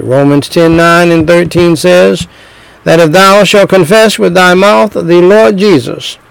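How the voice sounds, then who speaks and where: Slow, gravelly male preacher. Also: on the high side, no room sound, low-quality recording. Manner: slow, emphatic preaching with repetition and storytelling. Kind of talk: sermon.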